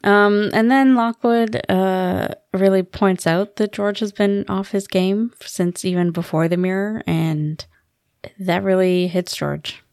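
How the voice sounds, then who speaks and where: A woman's voice: medium pitch, steady tone, slow, darkish tone, no echo, studio quality. A woman co-hosting a podcast, chatting casually about a book and acting out its dialogue with a giggle. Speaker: podcast co-host. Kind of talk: casual book-club chat.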